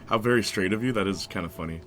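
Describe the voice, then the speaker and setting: A male game streamer with a lowish voice and a crisp, bright edge. He jokes, giggles and answers viewers' chat messages in a loose, casual way while he plays, with a faint hum of background noise. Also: fast talker. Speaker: gaming streamer.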